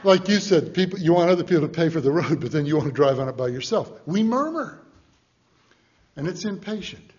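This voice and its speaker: Folksy high-voiced preacher, dull recording. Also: male voice, lively intonation, fairly quick. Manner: folksy storytelling preacher, swings from loud to hushed. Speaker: pastor. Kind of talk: sermon.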